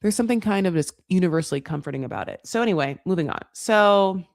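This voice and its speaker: Animated, gravelly-voiced sarcastic woman host. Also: on the low side, fast talker, no room sound, studio quality. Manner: animated, sarcastic, swears freely. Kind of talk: comedic reality TV recap commentary.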